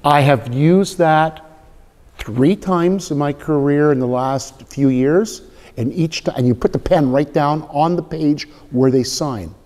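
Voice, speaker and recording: An older man speaking as guest at a live event, telling blunt, animated anecdotes and acting out dialogue. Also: a little high, a little slow. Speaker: guest speaker, veteran realtor. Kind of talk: storytelling talk before a live audience. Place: event room. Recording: long hall reverb.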